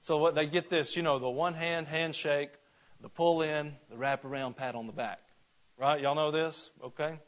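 Man from Georgia, pastor type, slightly high voice, folksy conversational preaching, lo-fi church recording. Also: steady tone, moderate pace. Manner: folksy, asks the congregation questions, frequent restarts. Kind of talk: conversational sermon. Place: church sanctuary.

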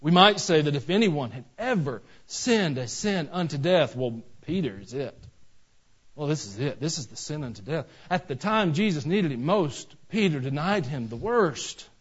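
A male pastor preaches in a chatty, storytelling way that swings between loud and soft. His voice sits a little high. The recording sounds dull and lo-fi. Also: lively intonation, normal speed, slightly rough. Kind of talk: sermon.

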